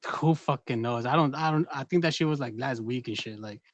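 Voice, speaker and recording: A man's voice: mid-range voice, fairly quick, dry recording. A man chatting casually on a live stream, rambling with lots of fillers and laughing through his stories. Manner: rambling with many fillers and acted-out gasps. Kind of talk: casual chat.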